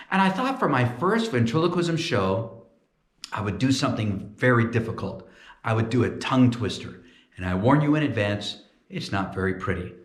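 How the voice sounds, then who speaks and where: A man giving a playful, comic ventriloquism demonstration, talking in a lively storytelling way. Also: medium pitch, reverberant. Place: church.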